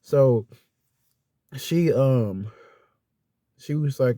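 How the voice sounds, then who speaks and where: A man's voice: medium pitch, expressive, slow pace, long pauses, mellow, dry recording. A man vlogger telling a casual storytime rant, rambling and exasperated, acting out quotes and swearing freely.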